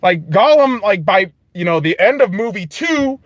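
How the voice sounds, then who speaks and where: A man hosting a podcast, ranting casually and profanely in an animated, rambling way. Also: high-pitched, moderate pace, no echo. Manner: animated, rambling, heavy swearing. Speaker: podcast host.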